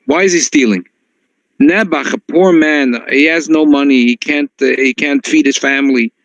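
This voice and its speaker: A man who is a rabbi, telling a story in a class. He talks in an animated way, often restarting his sentences and slipping in Yiddish and Hebrew phrases. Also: fairly high pitch, normal speed, no echo, muffled recording.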